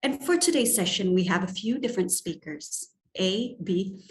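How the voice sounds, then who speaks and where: A woman's voice: medium pitch, expressive, moderate pace, echoey room. A woman from Indonesia, giving a lecture on speaking skills and shifting her tone to demonstrate examples. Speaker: etiquette trainer and guest lecturer.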